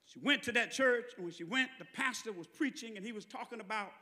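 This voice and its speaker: In a church sanctuary, a Southern preacher tells a sermon story from the pulpit, speaking fast in a very high, bright, forceful voice. He shifts from easygoing conversational delivery to fervent shouting, and the hall's long reverb rings around him.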